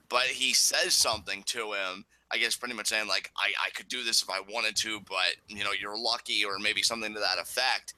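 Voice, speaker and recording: Enthusiastic and sharp-toned, this fairly low-pitched male voice belongs to a co-host in a relaxed wrestling review chat, going over episodes. He performs quoted lines in bursts, and the recording has no room sound.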